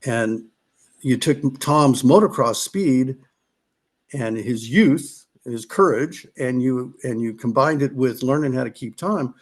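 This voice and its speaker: A man's voice: mid-range voice, slow. A middle-aged man from California, a podcast guest telling motocross stories in a casual, rambling way, restarting sentences and acting out what others said. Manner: rambling, restarts, acts out quotes. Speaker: podcast guest, former off-road racer. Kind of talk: casual storytelling.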